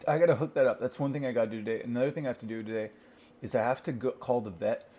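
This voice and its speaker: A man's voice: mid-range voice, racing, mellow. A man venting in a rambling solo rant at home, asking and answering his own questions and swearing freely. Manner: rambling, profane, talks to himself. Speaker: vlogger. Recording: dull lo-fi recording.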